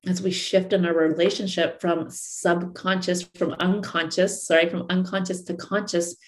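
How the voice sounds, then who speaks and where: A woman's voice: fairly low pitch, level tone, normal speed. A woman relationship coach giving an earnest coaching talk to listeners, repeating and rephrasing her points. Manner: earnest, repeats and rephrases, acts out angry partners.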